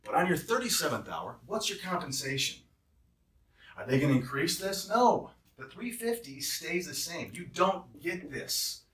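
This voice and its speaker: A man's voice: a little high, very animated, a little slow, a bit bright. A man walking travel nurses through a job offer, heated and emphatic as he breaks down the hourly pay. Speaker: travel nurse staffing recruiter. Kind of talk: explanatory walkthrough with a rant. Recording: roomy echo, distant mic.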